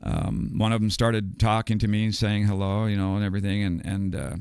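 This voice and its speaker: On a podcast, an older American man tells a meandering story in a casual way, chuckling between details. His low, slightly mellow voice is clear and resonant, with little pitch movement and a slightly fast pace. The audio is dry and studio quality.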